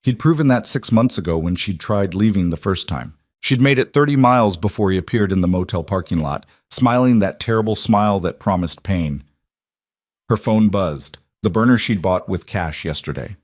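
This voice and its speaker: A man reading a dramatic story as narrator in an even, measured way. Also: lowish voice, no room sound, studio quality. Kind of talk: scripted narration.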